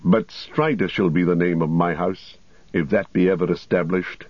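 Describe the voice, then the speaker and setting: A man voicing a grave, weary king returned from exile, speaking in a solemn, measured way in a storybook reading. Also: sits low, fairly even intonation, no echo. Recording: dull lo-fi recording.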